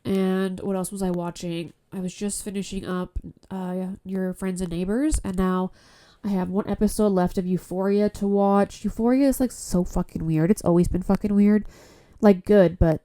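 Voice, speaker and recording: Podcast host: a worn-out woman from Canada with a blocked nose, mellow tone, blunt and profane, chatting solo into a phone. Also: medium pitch, fairly even intonation, moderate pace. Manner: rambling, frank, swears often. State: stuffy nose; tired. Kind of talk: casual solo podcast chat. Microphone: phone mic.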